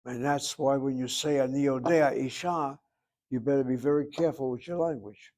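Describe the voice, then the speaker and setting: A man's voice: medium pitch, fairly even intonation, moderate pace, a little mellow. Man teaching a Hebrew grammar class. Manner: explanatory, wry asides, addresses students by name. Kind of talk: online class lecture.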